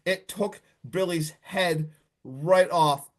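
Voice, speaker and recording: Man, podcast co-host, casual chat, excitable and slangy, slightly high voice. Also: takes it slowly. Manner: excitable, slangy, peppers talk with "dude" and "like". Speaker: podcast co-host recapping a movie.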